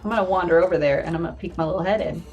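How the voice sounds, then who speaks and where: A woman playing her character in a tabletop game, gushing and flattering in a sweet, chatty way. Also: lowish voice, racing, faint music behind. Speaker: player.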